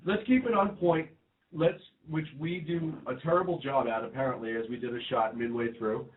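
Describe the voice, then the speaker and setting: A man's voice: mid-range voice, steady tone, normal speed. Opinionated man on tinny radio audio. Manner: opinionated, emphatic, laughs often. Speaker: co-host. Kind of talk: political talk radio banter.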